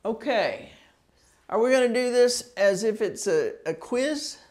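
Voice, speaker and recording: Woman teacher, slow careful enunciation, lively pitch, classroom drill. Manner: slow, patient, over-enunciating words. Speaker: citizenship test teacher.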